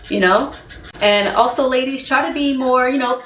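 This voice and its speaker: A woman's voice: high voice, moderate pace, fairly bright tone, slight background noise. A woman vlogging relationship advice in a blunt, chatty way, laughing often and repeating points for emphasis. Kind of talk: candid casual monologue. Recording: roomy echo.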